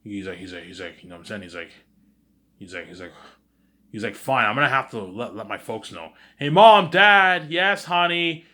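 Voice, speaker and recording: A man telling a rambling story out loud, acting out each character's lines and filling gaps with "you know what I'm saying". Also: low-pitched, fairly even intonation, brisk.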